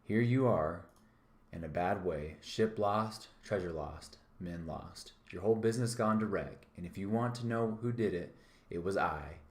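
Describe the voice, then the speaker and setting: A man voicing a defiant excited cabin boy. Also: deep voice, normal speed, lightly acted. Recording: echoey room.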